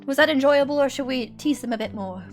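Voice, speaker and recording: Woman GM as a smug nobleman, sly and smooth, slightly high voice. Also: faint music behind, lightly acted. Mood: teasing. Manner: smooth, sly, unhurried teasing.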